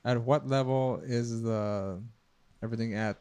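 A man's voice: medium pitch, steady tone, unhurried, a little mellow, clear, resonant tone. A man co-hosting a podcast, joking with friends and checking mic levels. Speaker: podcast co-host. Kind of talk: casual chat.

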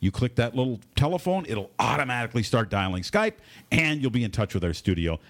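A man hosting a casual radio talk show from a studio, with animated, filler-heavy patter. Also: mid-range voice, fairly quick.

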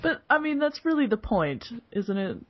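A woman's voice: on the high side, very animated, moderate pace. A woman in her forties hosting a podcast, chatting casually and laughing often between phrases. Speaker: podcast host. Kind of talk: casual chat. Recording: dull lo-fi podcast audio.

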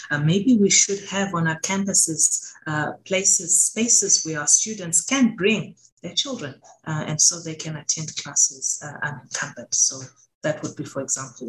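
A middle-aged woman, a law professor, giving thoughtful, measured answers in a radio interview and pausing to choose her words. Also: deep voice, fairly bright tone, rough recording.

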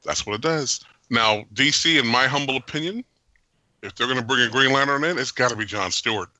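A man hosting a podcast, giving an animated, jokey and opinionated movie review with frequent laughs. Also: medium pitch, a little fast, no room sound. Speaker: podcast host. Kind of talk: casual movie review chat.

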